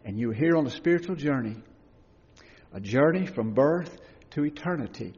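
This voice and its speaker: A man preaching a sermon with passion, rising to loud cries and falling to hushed tones. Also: medium pitch, expressive, moderate pace, breathy edge. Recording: dull, lo-fi recording with long hall reverb.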